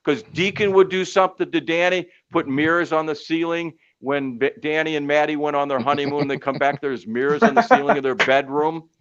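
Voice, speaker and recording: A man's voice: fairly high pitch, a little fast, few pauses, clean tone. Middle-aged guy telling sports stories, lots of uhs and you knows, dull lo-fi sound. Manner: animated storyteller with many fillers. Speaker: sportscaster and podcast guest. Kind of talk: casual storytelling chat.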